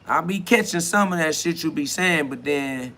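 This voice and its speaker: A man hosts a solo podcast, talking to himself in a loose, slangy, rambling way. His voice sits a little high and sounds bright and forceful. He drifts between preaching and laughing asides. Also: normal speed, vocal fry. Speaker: podcast host. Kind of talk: solo self-talk monologue.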